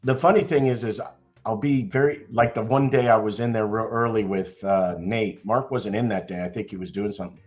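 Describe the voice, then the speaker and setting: An older man chatting loudly and cheerfully on an online call about trading, laughing often. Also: lowish voice, fairly even intonation, brisk, muffled recording. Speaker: stock trading chat member. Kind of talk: casual chat.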